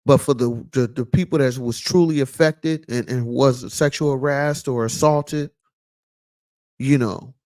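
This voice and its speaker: This male vlog host sounds mid-range and a little mellow, taking his time as he talks. His commentary is casual yet preachy, full of fillers and lines repeated for emphasis.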